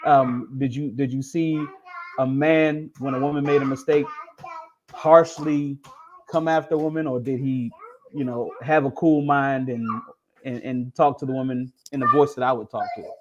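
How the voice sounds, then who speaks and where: A man's voice: medium pitch, fairly even intonation, normal speed, background noise. A man hosting a casual interview who laughs often and repeats words for emphasis. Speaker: host. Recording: dull lo-fi audio.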